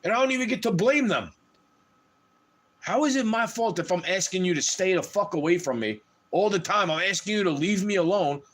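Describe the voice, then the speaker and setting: A man's voice: high voice, expressive, a little fast, a bit bright. A man on a livestream delivering a heated, profane rant straight to his audience.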